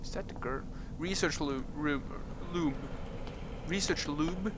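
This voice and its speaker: A man's voice: a little high, unhurried, background noise. A man giving casual, goofy gameplay commentary, joking and laughing at his own jokes. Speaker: let's play gamer.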